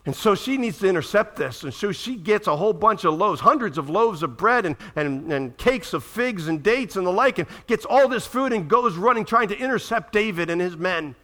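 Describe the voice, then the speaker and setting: Male pastor, sermon, high bright tone, animated storyteller. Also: moderate pace, hardly any pauses. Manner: animated storytelling, acts out quoted voices; checks in with listeners.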